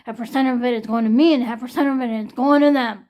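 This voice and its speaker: A young woman talks straight to her viewers in a raw, emotional vlog, her voice sitting a little high. She is shaking from pain and close to tears, venting hard with frequent swearing. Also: fairly even intonation, fast, muffled recording. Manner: distressed, venting, swearing often. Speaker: vlogger.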